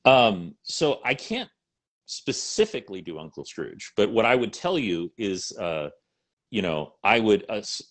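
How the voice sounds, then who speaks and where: A middle-aged man and voice actor chatting in an interview, animated and rambling with lots of fillers. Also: fairly low pitch, measured pace. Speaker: voice actor and salesman. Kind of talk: casual interview chat.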